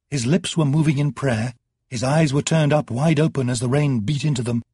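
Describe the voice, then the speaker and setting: A male narrator reads a fantasy novel with measured, dramatic pacing. His voice is very husky and breathy, in a middle pitch. The recording is close and dry. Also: a little mellow, no room sound. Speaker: audiobook narrator. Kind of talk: scripted narration.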